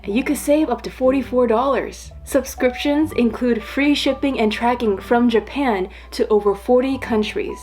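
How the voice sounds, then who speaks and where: A woman's voice: fairly high pitch, normal speed, hardly any pauses, a little mellow, soft background music. A woman narrating her food vlog at home in a chatty, playful way. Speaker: food vlogger.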